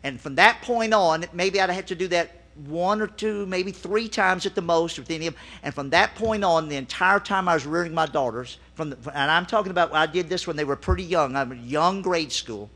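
A man's voice: on the high side, fairly quick, few pauses, pushed and bright. A middle-aged man preaching, telling a personal story in a conversational way and acting out what he once said. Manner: conversational storytelling, acting out his own quoted lines.

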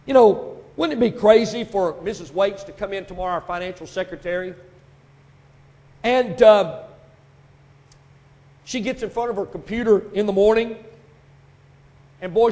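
A man with a high voice preaches a sermon, spinning everyday stories before driving his point home in loud, punchy bursts. The sound rings with a long echo from a church hall. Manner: storytelling preacher, building to loud emphatic bursts. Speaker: pastor.

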